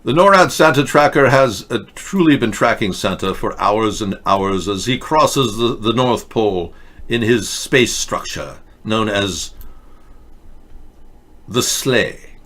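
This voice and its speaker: A man's voice: lowish voice, expressive, slow pace, fairly bright tone. A man hosting a satirical political show, delivering sarcastic, mocking, rambling rants. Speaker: host.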